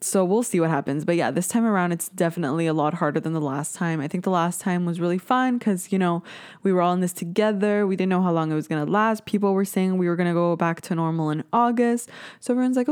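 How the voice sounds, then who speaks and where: A woman's voice: on the low side, a little fast, a little mellow, clean tone. A woman in her twenties with a Canadian accent, hosting a casual solo podcast, chatty and swearing freely. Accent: Canadian English. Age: 20s. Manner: chatty, swears freely, slips into mocking voices. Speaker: podcast host.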